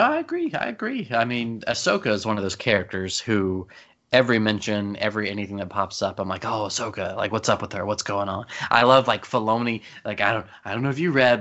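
A man in casual podcast chat, talking fast and eagerly with many restarts. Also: medium pitch, expressive, fairly bright tone. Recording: dull lo-fi sound.

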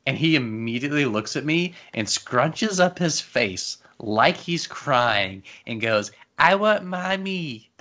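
A man chatting casually, telling an animated story with quick asides. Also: mid-range voice. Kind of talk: casual chat. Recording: dull lo-fi sound.

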